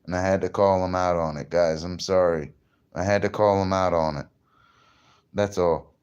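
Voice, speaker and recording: A man's voice: sits low, fairly even intonation, moderate pace, darkish tone, clean tone, highs cut off. A tipsy man rambling in a profane, boastful way and laughing at himself as he mixes fish science with street slang. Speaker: fishing vlogger. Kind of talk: casual rambling monologue.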